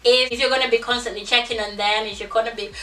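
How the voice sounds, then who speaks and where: A young woman chats through a storytime with a bright, forceful voice that sits a little high. She talks in an animated way and acts out quotes. Her voice bounces around a roomy space, with the mic a little way off. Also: fast talker, far from the mic. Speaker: vlogger. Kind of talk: casual storytime chat.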